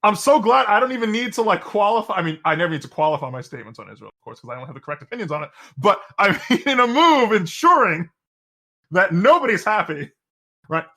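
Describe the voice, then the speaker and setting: Bright-voiced sardonic male podcaster. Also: high voice, sing-song, fast talker. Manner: sardonic, rambling, with repeated restarts. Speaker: podcast co-host. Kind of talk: casual political chat.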